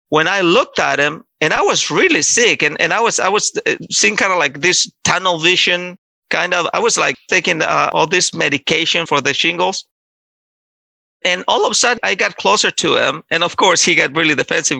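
A man telling his own story in a halting, conversational way, acting out what others said. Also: on the high side, expressive, vocal fry, pushed and bright, dry recording. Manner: halting, restarts, acts out quoted voices. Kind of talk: personal testimony, casual storytelling.

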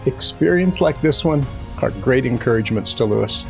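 Man, mid-pitched voice, documentary narration, soft music underneath. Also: animated, normal speed, gravelly. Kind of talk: scripted narration.

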